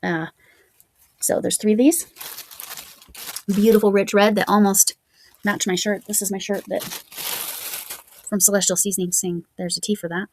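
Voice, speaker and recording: A woman's voice: mid-range voice, fairly even intonation, moderate pace, pauses often, a little mellow, a little hiss or hum. A woman crochet vlogger chatting casually at home, musing aloud as she reads out yarn labels. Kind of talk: casual show-and-tell chat.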